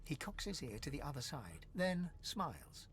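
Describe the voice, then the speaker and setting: A man reading scripted video game narration in a measured, descriptive storytelling manner. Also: a little high, sing-song, fairly bright tone, a little hiss or hum.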